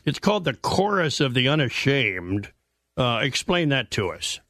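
A man's voice: medium pitch, sing-song, measured pace, a bit bright, no echo. A man hosting a radio interview, asking brief, direct questions. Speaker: radio host.

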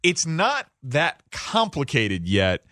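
An animated man with a bright, forceful tone co-hosts a radio talk show, restarting his sentences and laughing often. The sound is dry and close in a studio. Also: fairly high pitch, slow, dry recording. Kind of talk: casual studio chat.

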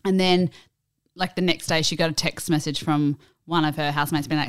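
Smooth, low-toned young woman. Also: little pitch movement, brisk. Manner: frank, playful storyteller. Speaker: podcast co-host. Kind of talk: casual chat.

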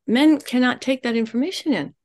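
Lively middle-aged woman life coach. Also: a little high, a little fast. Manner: expressive, acts out quoted voices, laughs often. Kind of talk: animated interview talk.

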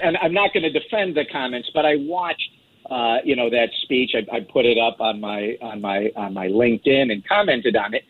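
A man's voice: fairly high pitch, slightly rough. A man chatting casually as a guest commentator, talkative with many restarts and fillers. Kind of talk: casual chat. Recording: lo-fi phone line.

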